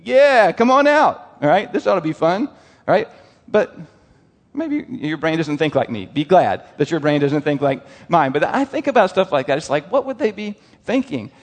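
A man preaching a sermon in an animated way, asking the congregation questions. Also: on the high side, normal speed, long reverb tail. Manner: animated, asks the crowd questions, lively quoted voices.

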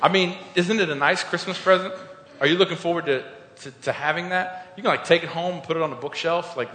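A man giving a conversational sermon, telling stories informally and building to loud, emphatic peaks. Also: fairly high pitch, fast. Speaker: preacher. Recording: echoey hall.

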